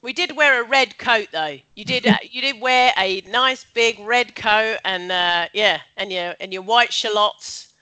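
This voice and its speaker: A woman's voice: medium pitch, unhurried, hardly any pauses, bright, forceful tone. A woman, a chatty podcast guest who laughs often and uses many fillers, talking over a video call. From West Sussex, England. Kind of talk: casual chat. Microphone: computer mic on a video call.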